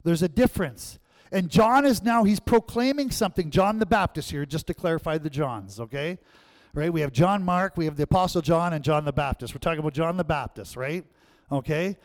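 A man preaching a sermon as pastor, animated and often checking in with the congregation. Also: on the high side, fairly quick.

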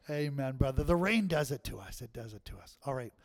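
A man preaching a sermon in a church, talking in a conversational way and often checking in with the congregation, then leading a closing prayer. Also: medium pitch. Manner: conversational, keeps asking the crowd "right?".

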